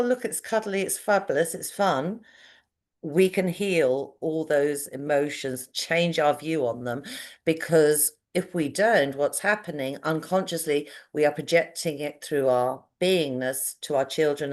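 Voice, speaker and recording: A middle-aged woman with a low voice, talking as a guest on a podcast. She tells her stories with lots of expression and swings her voice up high for emphasis. Her tone is conversational and heartfelt. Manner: expressive, animated storytelling with big pitch jumps. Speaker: podcast guest, parenting coach. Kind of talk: conversational interview.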